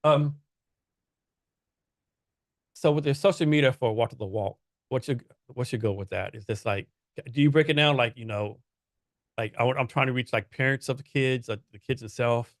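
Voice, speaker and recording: A man hosting a casual podcast, asking winding questions padded with fillers. His voice has an average pitch for a man, and the recording is dry and close. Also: normal speed, pauses often, dry recording. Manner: rambling questions with many fillers. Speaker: podcast host. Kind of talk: casual interview chat.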